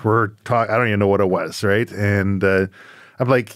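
A man hosting a podcast interview, reflecting in a measured way and thinking aloud. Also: fairly low pitch, fairly even intonation. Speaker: podcast host. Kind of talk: conversational interview.

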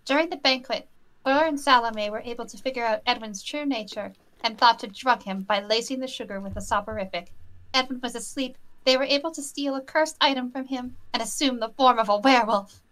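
A woman's voice: a little high, a little fast, a bit bright, voice pushed up, close to an everyday voice. A woman reading the lines of a stern woman hunter who leads a trial in a visual novel, speaking formally and with authority. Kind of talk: reading game dialogue aloud.

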